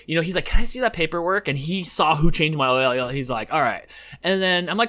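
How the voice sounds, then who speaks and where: Podcast co-host, male, slightly high voice, rambling anecdotal delivery, casual. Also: very animated, a little fast, a bit bright. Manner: rambling storyteller acting out quotes. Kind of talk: casual chat.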